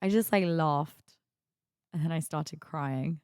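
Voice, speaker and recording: A woman's voice: low voice, takes it slowly, darkish tone, clean tone, no echo, studio quality. A woman hosting a solo podcast, talking candidly and confidingly in a rambling way full of "like". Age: 20s. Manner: confiding, rambling, heavy use of "like". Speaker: podcast host.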